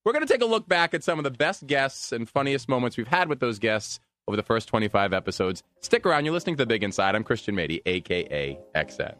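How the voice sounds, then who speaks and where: An American man hosting a sports radio talk show, ranting and joking in an animated, self-mocking way. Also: mid-range voice, quick pace, few pauses.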